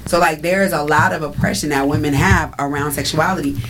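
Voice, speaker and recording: A woman's voice: sits low, fairly even intonation, a little fast, noisy background. A woman co-hosting a frank casual chat, explaining her views earnestly in long runs.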